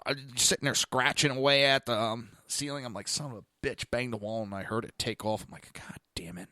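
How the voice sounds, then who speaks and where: A man's voice: mid-range voice, bright, forceful tone, dry recording, clean studio sound. A man hosting a podcast, telling a blunt, profane story in a casual monologue. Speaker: podcast host. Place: lives in Florida.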